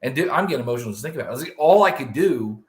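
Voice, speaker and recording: A middle-aged man co-hosting a podcast, telling family stories in a chatty, animated way. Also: medium pitch, rapid-fire. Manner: animated, chatty, calls his partner dude. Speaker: podcast co-host. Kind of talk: casual chat, personal storytelling. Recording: roomy echo.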